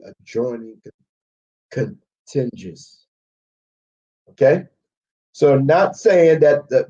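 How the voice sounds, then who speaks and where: Male Bible teacher with a warm, dark voice, leading a live study and checking in often with listeners. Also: medium pitch, dull audio. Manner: checks in with frequent "okay?"; walks through maps and word studies on screen. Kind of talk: live Bible history lesson.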